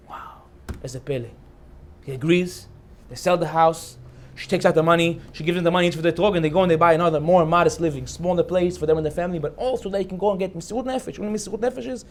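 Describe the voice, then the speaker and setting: Fast-talking, animated male rabbi storyteller. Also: fairly high pitch. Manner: animated storyteller acting out the characters' lines. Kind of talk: storytelling sermon.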